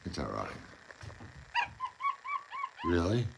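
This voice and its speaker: Deep-voiced man coaxing his pet playfully. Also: wildly swooping pitch, very slow, creaky, background noise. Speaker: pet owner and channel host. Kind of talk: casual vlog talk to a pet.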